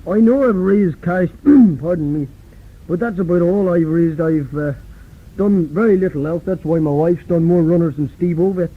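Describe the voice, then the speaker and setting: A man's voice: high-pitched, moderate pace, slightly rough. A man playing a weary male celebrity guest who rambles crudely. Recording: phone-like lo-fi tape.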